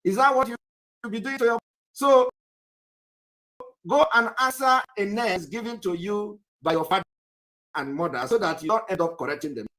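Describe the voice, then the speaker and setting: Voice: mid-range voice, moderate pace, long pauses, fairly bright tone, poor audio. A speaker giving livestream political commentary, lecturing viewers emphatically with repeated rhetorical questions.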